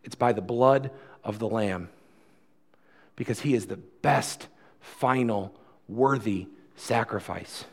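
A man's voice: on the low side, slow, long pauses. A male pastor preaching a sermon about communion, earnest and conversational, often restarting his phrases.

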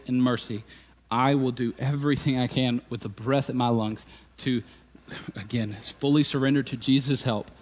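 A man preaches in a mid-range voice, and his sound rings out through the long reverb of a church hall. He talks casually, full of everyday fillers, then builds to loud, emphatic peaks before dropping low and quiet. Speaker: lead pastor. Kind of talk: sermon. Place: church sanctuary.

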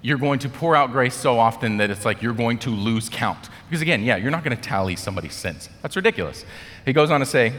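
A young adult man preaching a casual, conversational sermon as a pastor, animated and full of "like," acting out the quotes. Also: mid-range voice, fast. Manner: animated, acts out quotes, many "like" fillers. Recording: long reverb of a large hall.

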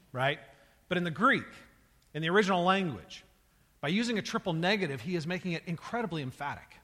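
Male pastor, fairly high voice, emphatic sermon delivery in a reverberant hall. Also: a bit bright. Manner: emphatic, repeats words, builds in intensity.

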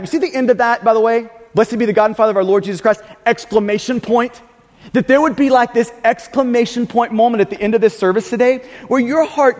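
Male pastor, high-pitched, emphatic sermon delivery with restarts, reverberant sanctuary. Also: darkish tone. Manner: emphatic, repeats words, frequent restarts.

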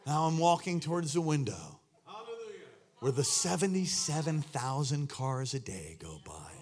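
A man preaching a sermon as pastor, telling a story that swings from hushed tones to loud shouting. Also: fairly high pitch, very animated, unhurried.

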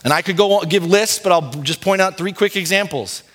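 A male pastor delivering an impassioned sermon, speaking straight to his congregation and swinging between quiet gravity and rising urgency. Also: high voice, a little fast. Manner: impassioned preaching, rising and falling intensity; direct address to congregation as "beloved".

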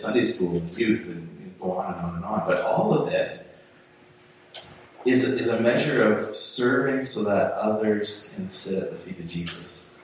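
A pastor preaching a sermon in a loose, conversational way, often restarting and repeating his words. His voice sits very low. The sound is heavily echoey, picked up from some distance in a church sanctuary. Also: slight background noise. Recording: very echoey room, voice from far off.

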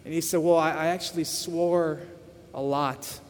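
A man preaching to his congregation in a high, lively voice, tripping over repeated words as he tells a story. His voice rings with the long reverb of a church hall. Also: moderate pace, slight background noise. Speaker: pastor. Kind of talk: sermon storytelling.

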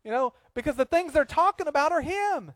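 A preacher delivers a lively sermon, jumping into playful acted-out asides. His voice sits high for a man, and the recording is close and dry with no room echo. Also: brisk. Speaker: pastor.

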